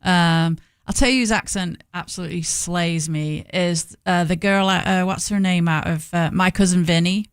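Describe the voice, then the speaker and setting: A woman's voice: fairly low pitch, fairly even intonation, normal speed, hardly any pauses, clear, resonant tone, no echo, studio quality. A woman from Stoke in England with a local English accent, chatting as a guest on a talk show in a friendly, agreeable way. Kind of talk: casual chat.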